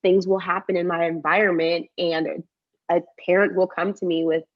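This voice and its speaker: A woman's voice: fairly low pitch, moderate pace, highs cut off. A woman in her twenties with a Texan accent, a cheerleading coach chatting as a podcast guest and quoting herself as she tells stories. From Texas. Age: 20s. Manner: chatty, animated storyteller, quotes herself often. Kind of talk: casual podcast interview.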